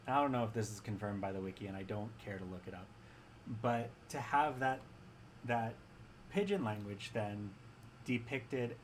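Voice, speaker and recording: A man's voice: mid-range voice, a little hiss or hum, low-quality recording. A man talking casually and enthusiastically about fiction, rambling with restarts and often checking in with "right?". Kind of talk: casual chat.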